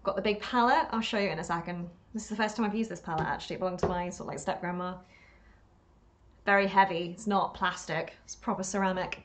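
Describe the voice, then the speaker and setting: A woman's voice: lowish voice, fairly even intonation, fast talker, slight background noise. A woman chatting on a live stream while she paints, rambling and talking to herself, self-deprecating and laughing often.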